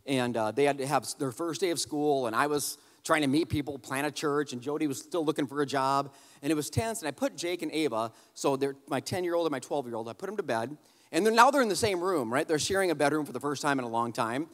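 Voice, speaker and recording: A man preaching a sermon, telling a humorous family story in an animated, conversational way and addressing the crowd directly. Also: fairly high pitch, fast talker, long reverb tail. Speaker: pastor.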